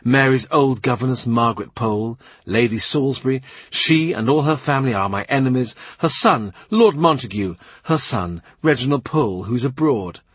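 A man voicing an imperious young queen who talks rapidly and commandingly. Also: mid-range voice, breathy edge, no room sound, voice pushed up.

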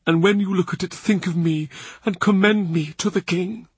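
A man's voice: high-pitched, lively intonation, moderate pace, a bit bright, slightly rough, no echo, voice pushed up, heavily acted. A man voicing an aging, emotional churchman who talks in a raised, pleading tone.

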